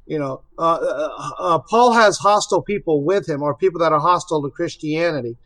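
A man joins a Bible study discussion and thinks aloud as he explains. He hesitates and restarts often. His voice sits slightly high for a man. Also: a little fast, a bit bright, low-quality recording. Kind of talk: casual discussion.

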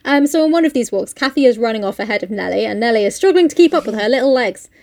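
A woman's voice: a little high, lively intonation, racing, darkish tone, no room sound. A young woman who casually recaps a book, chatty and sweary, with lots of fillers. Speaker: podcast co-host.

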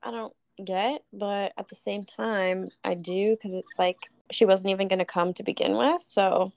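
A young woman co-hosting a casual podcast, ranting and swearing freely as she retells stories. Her voice has a gravelly, fry-laden edge at a middle pitch. The recording is close and dry, with no room sound. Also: fairly even intonation, normal speed, a little mellow, dry recording. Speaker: podcast co-host. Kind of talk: casual chat.

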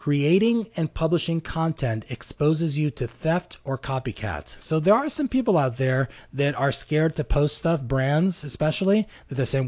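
A man's voice: mid-range voice, expressive, unhurried, darkish tone. A man hosting a podcast, talking casually with many fillers and acting out short dialogues as examples. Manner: conversational, many fillers, acts out little dialogues. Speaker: podcast host. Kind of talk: casual advice talk. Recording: live program.

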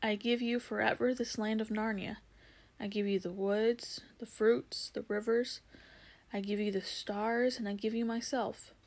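A great kingly lion, gentle and grave, speaking softly and solemnly, as a woman reads him aloud. His words come low and hushed, like a storybook being read to listeners. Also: flat delivery, measured pace. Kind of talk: storybook reading.

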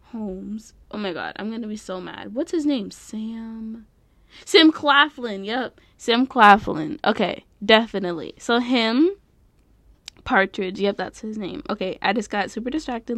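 A woman's voice: on the high side, animated, unhurried, a bit bright, dry recording. A young adult woman giving a casual review vlog, rambling, easily distracted and often stopping to correct herself.

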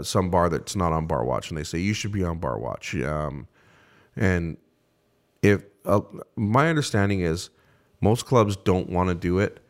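A man's voice: deep voice, a little mellow. A man co-hosting a podcast, explaining things earnestly at length in casual, swearing chat. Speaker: podcast co-host.

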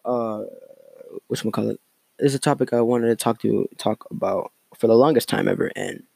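A man's voice: lowish voice, gravelly, darkish tone, husky, no echo. A man hosting a casual solo podcast, rambling and mocking with a lot of profanity and fillers. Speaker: podcast host.

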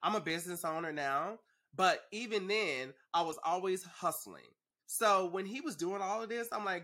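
A young man hosting a podcast, telling a story in a sassy, animated, profane way. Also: high-pitched, normal speed. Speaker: podcast host. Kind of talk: casual storytelling.

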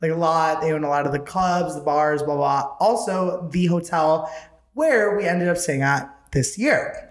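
A man's voice: on the high side, measured pace. A young man hosting a podcast, telling a story in casual chat, camp and profane, laughing often. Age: young adult. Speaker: podcast host. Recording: roomy echo.

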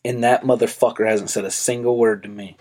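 A man's voice: mid-range voice, fairly even intonation, a little fast, a little mellow. A young adult man hosting a podcast, casually telling a heated story with lots of swearing and filler words. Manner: loose, profane storytelling with frequent fillers. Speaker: podcast host. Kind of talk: casual chat.

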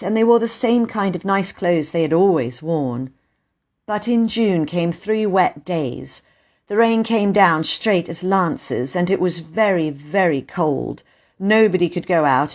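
A woman narrating a classic children's book in an expressive storytelling voice. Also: lowish voice, a little slow. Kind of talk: audiobook reading.

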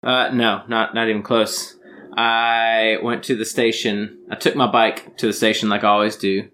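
Low, bright-toned British man. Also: level tone, moderate pace, a little hiss or hum. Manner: rambling, self-mocking anecdotes. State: tired. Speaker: podcast co-host. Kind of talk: casual chat.

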